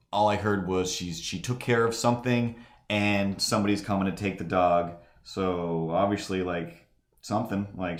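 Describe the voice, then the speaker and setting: A man's voice: deep voice, reverberant. A man telling a long anecdote during a live drawing stream, rambling with many "like"s and restarts and acting out the people in his story. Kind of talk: casual anecdote.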